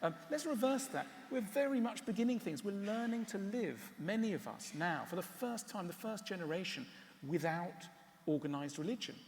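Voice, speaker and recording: A man giving a public talk and answering questions, wry and animated, often stopping on fillers. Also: sits high, moderate pace, creaky, big-room sound. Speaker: speaker. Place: large hall.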